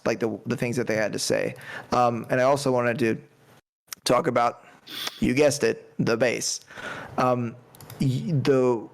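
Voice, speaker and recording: Rambling enthusiastic man with gravelly voice. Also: mid-range voice. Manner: enthusiastic, rambling, heavy on fillers. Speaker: podcast panelist. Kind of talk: casual music review chat.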